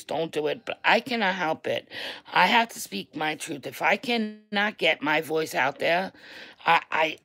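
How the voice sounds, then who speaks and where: An online creator with a New York accent and a deep, fried voice rants on a livestream to her viewers. She is loud and blunt, swears, and repeats herself for emphasis, and the recording is rough.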